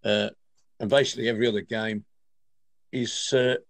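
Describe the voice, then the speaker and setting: Older Midlands man, halting, dry mic. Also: lowish voice, steady tone, fairly bright tone, no echo. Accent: English Midlands. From England. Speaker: regular pundit. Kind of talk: casual chat.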